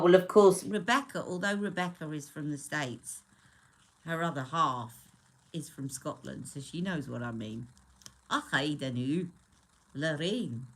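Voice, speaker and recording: A woman's voice: deep voice, a bit bright. Chatty woman hosting a beauty live stream. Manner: chatty, greets viewers by name, rambling asides. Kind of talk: casual live-stream chat.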